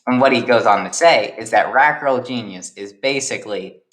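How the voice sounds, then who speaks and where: A man's voice: medium pitch, moderate pace, echoey room, noisy background. Rambling young man retelling a story. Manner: rambling, eager, explains with restarts. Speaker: storyteller, series creator.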